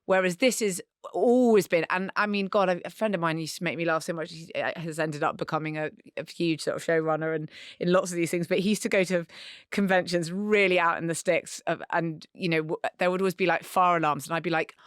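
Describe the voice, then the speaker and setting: A woman co-hosting a podcast, talking in a quick, lively, chatty way. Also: lowish voice, clear, resonant tone, no room sound, clean studio sound. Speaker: podcast co-host. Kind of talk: casual chat.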